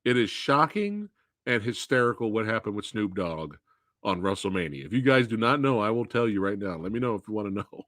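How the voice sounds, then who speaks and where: Animated laughing man hosting a live stream. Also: lowish voice, brisk, no echo, studio quality. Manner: animated storytelling with frequent laughter. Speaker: livestream host. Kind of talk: casual live Q&A chat.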